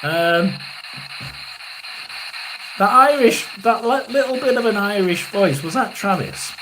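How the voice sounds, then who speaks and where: Halting man in his sixties, noisy stream. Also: sits high, lively intonation. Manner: halting and rambling, clears throat often. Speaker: psychic medium. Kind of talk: live tarot and spirit reading stream.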